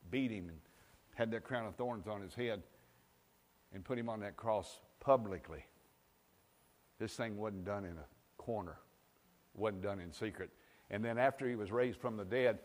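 A man's voice: mid-range voice, lively intonation, normal speed, pauses often. Preacher man in a reverberant hall. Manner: call-and-response preaching that swings between loud and hushed. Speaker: pastor. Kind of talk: sermon.

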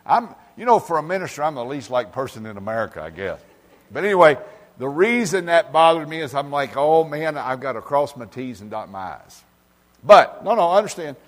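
A man preaching an informal sermon, talking directly to people by name and swinging from loud emphasis to quiet asides. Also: mid-range voice, long reverb tail. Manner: folksy, talks directly to congregation members by name. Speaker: pastor. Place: church.

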